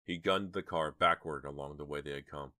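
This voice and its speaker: A man narrating an audiobook with measured, dramatic storytelling. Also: extremely low pitch, fairly even intonation, sharp tone, no echo, studio quality. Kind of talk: audiobook reading.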